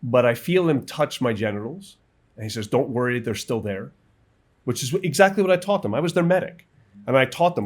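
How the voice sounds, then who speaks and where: A middle-aged man telling a personal war story in vivid, halting bursts, acting out what others said. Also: on the high side. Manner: vivid, halting retelling with quoted voices and restarts. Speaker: guest, military veteran.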